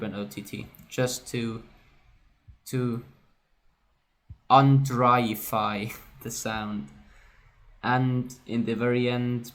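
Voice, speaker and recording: A man walking through how he produced his own song, talking casually and correcting himself as he goes. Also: mid-range voice. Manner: casual and self-correcting, often says "right". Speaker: music producer. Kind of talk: screen-recorded production walkthrough.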